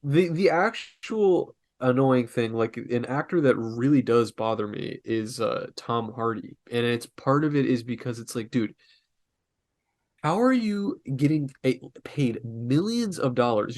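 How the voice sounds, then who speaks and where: Young man, podcast co-host, rambling, swearing, casual crude banter. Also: medium pitch. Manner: rambling, swearing, frequent restarts.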